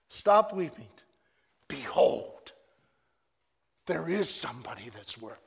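A man preaching a sermon, swinging between loud proclaiming and hushed, drawn-out asides. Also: a little high, animated, creaky, slightly rough, big-room sound.

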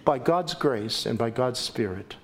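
A male pastor preaching a sermon in church, jokey and animated, acting out quotes. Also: a little slow, a little hiss or hum. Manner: animated, jokey, acts out quotes with big pitch swings. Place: church sanctuary.

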